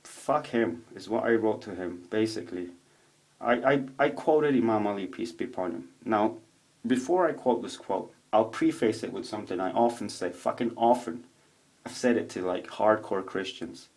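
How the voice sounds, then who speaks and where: A man's voice: fairly low pitch, normal speed. Profane, rambling man vlogging at home. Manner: profane, rambling, animated storytelling. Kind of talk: casual rambling monologue. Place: home room with a roommate nearby.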